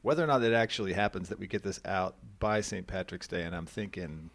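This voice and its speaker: A man's voice: low-pitched, quick pace, vocal fry, dry recording. A man hosting a podcast in casual, joking chat, rambling a little with ums. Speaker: podcast host.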